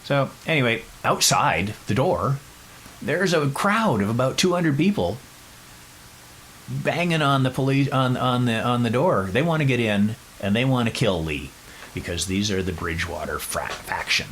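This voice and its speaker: A man hosting a podcast, telling a story in a casual, animated way with wry asides. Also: mid-range voice, moderate pace, a little hiss or hum, rough recording. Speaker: podcast host.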